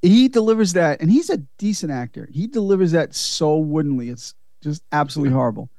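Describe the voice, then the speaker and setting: A man's voice: on the high side, quick pace, no echo, studio quality. A man hosting a casual film-review chat, laughing and swearing often. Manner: laughing, profane, animated. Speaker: podcast host.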